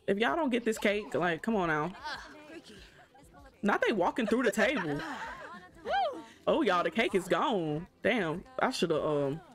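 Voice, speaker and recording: Gushing woman narrating her game. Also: lowish voice. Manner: gushing, chatty, excitable. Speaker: gaming YouTuber. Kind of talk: let's play commentary.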